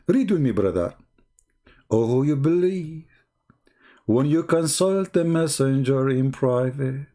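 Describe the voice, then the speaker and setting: Male livestream host, mid-pitched voice, sarcastic and combative, repeats his points and fires rhetorical questions at a critic. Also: expressive, takes it slowly, pauses often, warm tone. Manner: mocking, taunting, argumentative. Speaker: online debate host. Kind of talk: livestream commentary addressing viewers.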